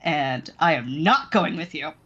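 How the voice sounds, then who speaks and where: A woman's voice: deep voice, lively intonation, measured pace, sharp tone, husky, heavily acted. A woman voicing a fierce, defiant young woman who swears bluntly, in a dull lo-fi recording. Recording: dull lo-fi sound.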